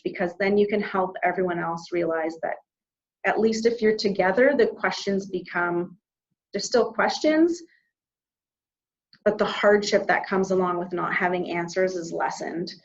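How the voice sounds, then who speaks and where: A woman from Canada speaks as an interview guest, sharing a personal story in a heartfelt, reflective tone. She pauses often and restarts her sentences. Her voice sits at an ordinary middle pitch, and the recording sounds a little dull and muffled. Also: vocal fry.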